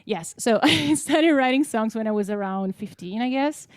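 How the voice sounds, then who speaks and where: A woman's voice: on the high side, lively intonation, normal speed, dry recording, clean studio sound. A woman in her twenties with an Italian accent, a singer-songwriter chatting as a guest in an interview. She is easygoing, laughs often and talks with many fillers. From Italy. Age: 20s. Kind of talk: casual interview chat.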